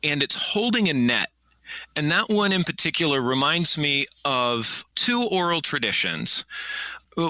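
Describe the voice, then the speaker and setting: Bright-voiced man telling a story. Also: medium pitch, no echo. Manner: halting, many fillers and restarts. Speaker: guest archaeologist. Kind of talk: storytelling in a podcast interview.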